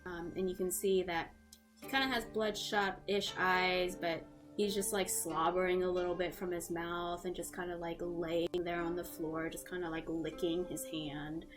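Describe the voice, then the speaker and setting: A woman's voice: lowish voice, level tone, normal speed, music in the background. A woman game master casually narrating a tabletop game scene, with many fillers.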